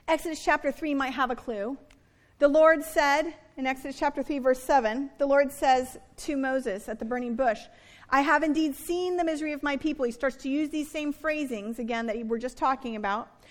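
A woman in her thirties, a pastor delivering an earnest sermon and slowing down to stress key words. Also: high voice.

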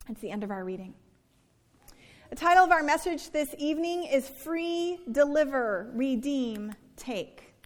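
A woman with a high, animated voice reads scripture and preaches at a slightly slow pace, earnest and conversational, acting out the complaints she quotes. The sound echoes around a reverberant worship hall.

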